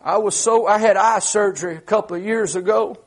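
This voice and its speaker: This is a middle-aged preacher, and his voice sits very high for a man. He delivers a fervent sermon, often starting phrases with "uh" and rising into shouts at the peaks. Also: fairly quick.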